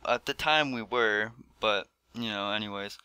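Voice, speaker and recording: A man's voice: on the low side, measured pace, sharp tone, clean tone, no echo. A teenage boy telling a storytime vlog in casual chat, rambling with lots of fillers. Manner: rambling, filler-heavy with many "like"s. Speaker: vlogger. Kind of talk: storytime commentary.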